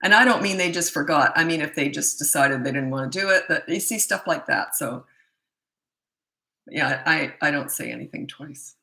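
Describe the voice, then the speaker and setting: A woman's voice: low voice, normal speed, creaky, bright, forceful tone, poor audio. A middle-aged woman parenting coach answering questions in a casual, blunt and matter-of-fact way. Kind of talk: casual Q&A advice talk.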